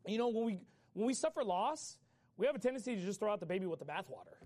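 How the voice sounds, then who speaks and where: A pastor with a high voice preaches in a casual, conversational style, acting out people's complaints and urging his listeners to get up and act. His delivery is fast and animated.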